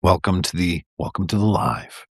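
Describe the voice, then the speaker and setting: A man with a low-pitched, animated voice and a breathy edge reads a picture book on his livestream at normal speed. The casual read-aloud is chatty and rambling with plenty of fillers, and there's no room sound.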